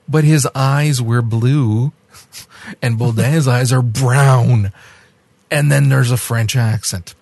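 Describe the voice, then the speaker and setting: A man with a gravelly, husky voice chats on a podcast in a dry, close recording. He rants with animation, laughs and trips over restarts as he talks through a story. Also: medium pitch, darkish tone, dry recording. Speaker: podcast co-host. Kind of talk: casual podcast chat about a documentary.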